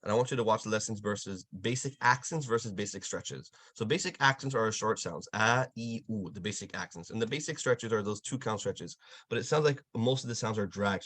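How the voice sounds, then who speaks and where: A man leads an online recitation lesson over a video call and patiently corrects each student. He speaks quickly in a slightly low voice. The sound is dry and close. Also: a bit bright, no room sound. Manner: patient, encouraging, demonstrates sounds slowly. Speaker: Quran recitation teacher.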